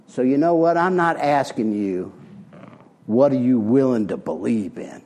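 A man's voice: mid-range voice, expressive, a little slow, a little mellow. An older man giving a personal testimony talk at a recovery meeting, blunt and plainspoken. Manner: blunt, plainspoken, street-wise.

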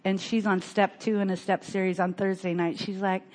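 An older woman telling her personal recovery story in an earnest, halting way, often restarting her sentences. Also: medium pitch, flat delivery, a little mellow.

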